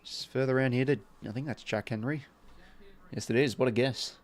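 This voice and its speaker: Commentating footy for his stream, this Australian man has a steady, mid-range, talkative delivery. Quick bursts of play-by-play alternate with casual asides to his viewers as they watch along.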